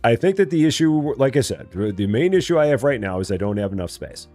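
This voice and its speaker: A man's voice: mid-range voice, sing-song, fairly quick, a little mellow, soft background music. A man casually commenting as he plays a store-building game on a live stream, chatting to viewers and joking to himself. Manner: chatty, talks to himself and chat, jokey mock voices. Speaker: streamer playing a store simulator.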